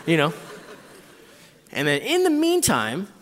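Animated male preacher in a reverberant hall. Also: medium pitch, normal speed, long pauses. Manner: animated storytelling, acting out his own thoughts. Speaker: pastor. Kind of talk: sermon with personal story.

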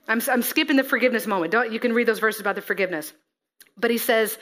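A woman preaching a sermon, reading scripture and acting out the figures with lively expression. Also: a little high, fairly quick. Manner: expressive, acts out scripture figures, laughs at herself.

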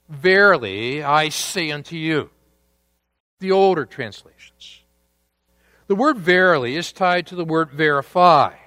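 A man preaching a sermon at an unhurried, deliberate pace, pausing for drama and rising for emphasis. His voice sits a little high for a man. The sound is close and dry, with no room echo. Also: pushed and bright. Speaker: pastor.

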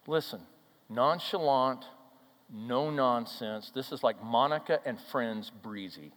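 A man preaching from the pulpit, telling a story and then driving the point home. He moves between loud, ringing declarations and quiet, intimate near-whispers. His voice carries a long reverb off the sanctuary walls, with a mid-range pitch. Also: slow pace. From Minnesota, USA. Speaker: pastor. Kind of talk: sermon. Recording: hall reverb.

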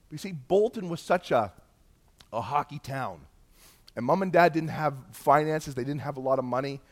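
A middle-aged man from Canada, telling a personal testimony as a story and acting out the dialogue with jumps in pitch and loudness. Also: moderate pace. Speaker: speaker sharing a personal testimony.

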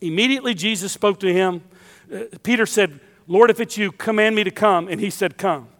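Man, preacher, high voice, emphatic sermon, long sanctuary reverb. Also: brisk, fairly bright tone. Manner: emphatic, repeating key phrases.

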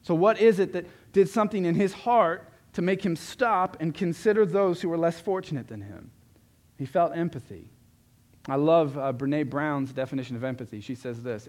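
A man preaching a sermon as a pastor, earnest, often swelling louder and then dropping low for emphasis. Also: moderate pace. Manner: earnest, rises and drops in loudness for emphasis.

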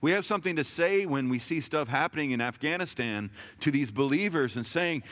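A man's voice: on the high side, lively intonation, fairly quick, few pauses, a bit bright. A man in his thirties preaching a sermon in a conversational, self-deprecating way, with jokes and frequent restarts. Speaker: pastor.

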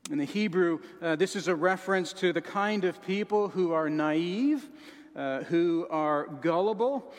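A man preaching a sermon with dramatic swings, dropping to a soft sorrowful voice and rising to shouts. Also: high voice, animated, a little slow, big-room sound.

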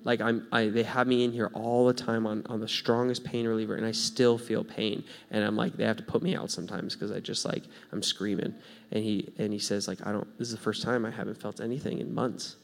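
A man preaching, telling a story in a casual, animated way, going from hushed to loud. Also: on the low side, fairly quick, gravelly. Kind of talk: sermon storytelling.

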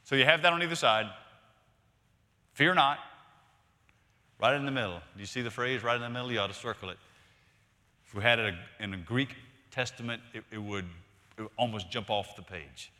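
A man preaching a sermon as pastor, emphatic, swinging from loud to hushed and repeating words for stress. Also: medium pitch, brisk, long pauses. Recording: long reverb of a large hall.

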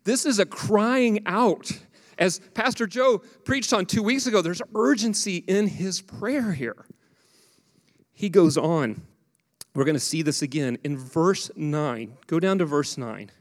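A male pastor in his thirties preaching a conversational, animated sermon that poses questions to the congregation. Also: a little high, unhurried. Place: church sanctuary. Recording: long hall reverb.

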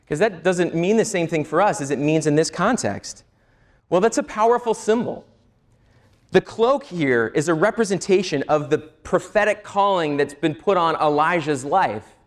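A male pastor preaching a sermon, teaching earnestly and asking the listeners rhetorical questions. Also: fairly high pitch.

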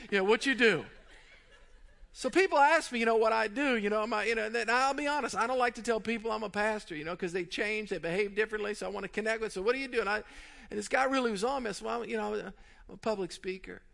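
Preacher guy telling a funny story, really high voice, kinda gravelly. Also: quick pace. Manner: animated storyteller, laughing through the tale. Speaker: pastor. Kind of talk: humorous sermon story.

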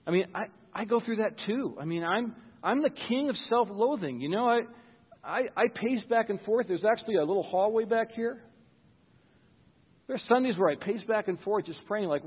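A man's voice: high-pitched, expressive, moderate pace, breathy edge, big-room sound, phone-quality sound. A pastor giving a sermon in church, earnest and conversational, often repeating words as he starts a thought.

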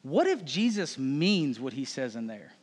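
Unhurried and husky, this pastor's medium-pitched voice swings widely as he preaches straight to his people in a conversational sermon, addressing them as "folks" and "y'all." The sound carries a long hall reverb.

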